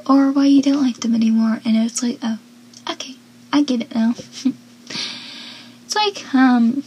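A young woman with a breathy voice, casually recapping a TV episode and chatting about it between quotes. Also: fairly high pitch, a little slow, pauses often, darkish tone, poor audio. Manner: chatty, filler-heavy, reads out quotes. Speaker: recap commentator.

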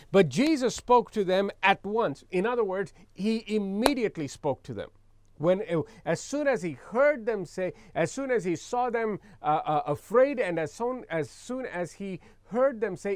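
A man's voice: high voice, big pitch swings, moderate pace, a little mellow, no room sound. Man, pastor preaching a sermon, dry close sound, calls the crowd to repeat after him. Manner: reads scripture aloud, then explains with emphatic repetition; leads the congregation in call-and-response.

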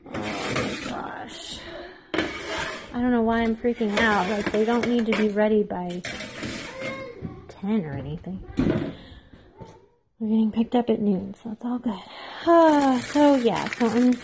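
A woman's voice: a little high, measured pace, long pauses, background noise. A woman in her thirties chatting casually to camera while baking, rambling and self-deprecating, laughing often. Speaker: vlogger.

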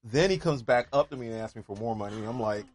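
A man's voice: mid-range voice, fast talker. A man who is a musician, telling stories in a laid-back, jokey casual chat. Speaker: musician, podcast co-host.

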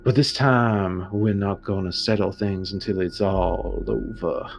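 A man doing a town priest, measured preacher's address, low and a bit gravelly. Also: steady tone, faint music behind. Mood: rallying. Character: rousing middle-aged male town priest.

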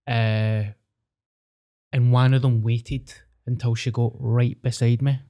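A man's voice: medium pitch, flat delivery, slow, mellow. Sweary glaswegian man telling a story. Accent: Scottish, Glasgow. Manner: sweary, storytelling, self-mocking. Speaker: podcast co-host. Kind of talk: casual chat.

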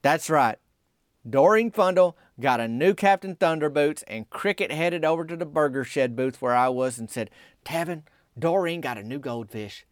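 A young man with a drawl rambles through a comic small-town story, drifting loose and conversational. His voice sits a bit high, and he jumps higher still whenever he quotes someone. The sound is dry and close, with no room around it. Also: expressive, normal speed, no echo. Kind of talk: folksy comic storytelling monologue.

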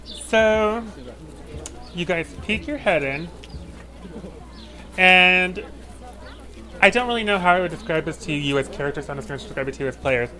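A man running a tabletop fantasy game as dungeon master, narrating scenes in a loose, rambling style full of fillers. His voice is bright and a little high. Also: moderate pace, long pauses.

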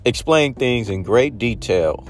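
Blunt man with a lively, swinging voice. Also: mid-range voice, unhurried, faint music behind. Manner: blunt, animated storytelling with acted-out quotes. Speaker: vlogger giving dating advice. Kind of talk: casual monologue.

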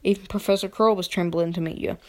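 A woman's voice: on the low side, fairly even intonation, fast talker, darkish tone, close to an everyday voice. A big, friendly giant of a man, voiced by a woman reader, talks in a blunt, hearty storybook voice. He comes across as plain-spoken and good-natured. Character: huge gruff friendly male giant.

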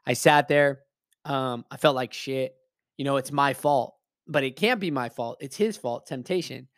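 A man's voice: medium pitch, normal speed, no echo, studio quality. Blunt, profane man telling a story. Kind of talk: casual spoken storytelling.

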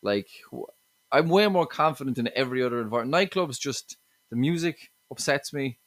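In a recording with no room sound, an Irish comedian from Limerick talks casually as a guest on a podcast. His voice is mid-range and fairly quick, and he often restarts sentences and says "you know what I mean."

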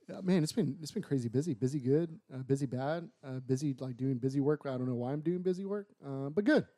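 A man co-hosting a podcast in casual banter, loud and excitable, prone to raising his voice. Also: mid-range voice, brisk, no room sound, studio quality. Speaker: podcast co-host. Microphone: studio microphone.

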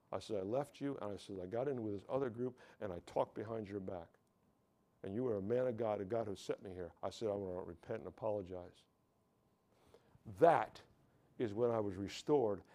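This American man preaches a sermon built on his personal testimony, frequently stumbling, repeating words, and calling to the congregation for amens. His voice is fairly low and a little mellow.

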